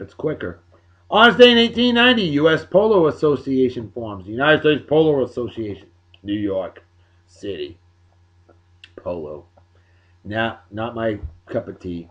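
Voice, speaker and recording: Wisecracking man, lively pitch, lo-fi audio. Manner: jokey, wisecracking asides with playful emphasis. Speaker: host of a daily beer and song show. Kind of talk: casual history-of-the-day commentary.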